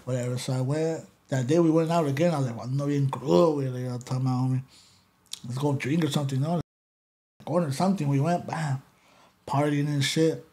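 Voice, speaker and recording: In a mid-range voice that runs a little fast, an LA-area man recounts a story casually as a podcast guest. He's lively, curses a lot, and code-switches between Spanish and English.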